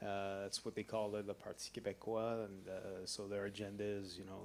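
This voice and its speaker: A Canadian man with a low voice and a faint hiss of noise behind him. He chats in an easygoing, rambling way, drifting through his points. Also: monotone, moderate pace, darkish tone. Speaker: band member. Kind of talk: casual chat in an interview.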